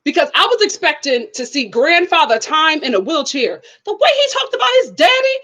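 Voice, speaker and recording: Animated high-voiced woman vlogger. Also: a little fast, lo-fi sound. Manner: animated, laughing, acts out quotes. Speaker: vlogger reviewing a reality show. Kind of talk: casual chat.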